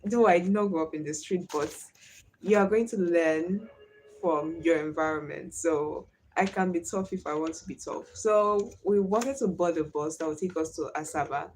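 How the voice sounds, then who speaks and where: A woman's voice: fairly low pitch, moderate pace, slight background noise. Nigerian woman with a Warri Pidgin accent. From Delta State, Nigeria. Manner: animated storytelling, switches into Pidgin. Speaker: livestream host. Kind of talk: casual livestream chat.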